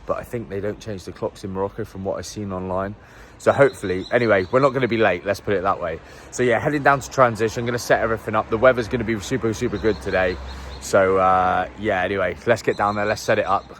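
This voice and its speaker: A young man, a triathlete vlogger, telling a story to the camera in a chatty, animated way. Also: lowish voice, fast talker, slight background noise.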